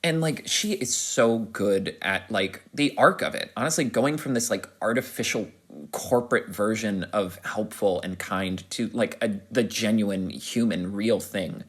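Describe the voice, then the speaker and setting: A man's voice: on the low side, unhurried. A man hosting a podcast, giving an enthusiastic, rambling spoken film review full of restarts and fillers. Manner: animated, rising to excited peaks.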